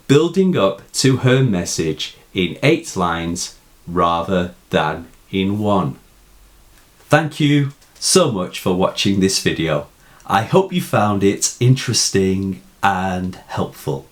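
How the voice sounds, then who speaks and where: A man with a British accent, giving a scripted, deliberate analysis of a poem as a teacher. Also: low voice, very animated. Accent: British English. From England. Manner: slow, deliberate, emphatic reading. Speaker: poetry teacher.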